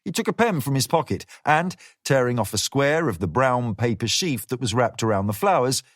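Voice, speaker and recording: A man narrating a thriller audiobook in a measured, expressive reading. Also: medium pitch, no room sound, clean studio sound.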